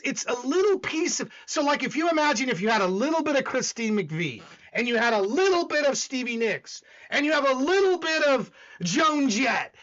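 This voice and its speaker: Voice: high-pitched, fairly bright tone, highs cut off. A live-stream music show host chatting casually while reviewing songs, gushing and rambling with many restarts.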